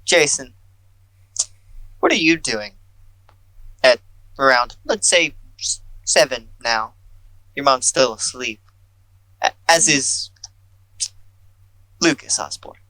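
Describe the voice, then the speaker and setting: Brief: man, game master, playful, bright tone, dry close sound. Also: mid-range voice, lively intonation, slow pace, pauses often, dry recording. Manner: playful, laughs often. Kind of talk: narrating a tabletop game.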